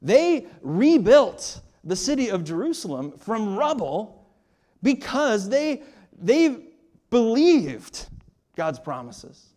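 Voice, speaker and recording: A pastor preaches slowly in a high-pitched, dark-toned voice, very animated throughout. He pushes his message emphatically with rising and falling emphasis and rhetorical questions, often repeating words when he opens a phrase.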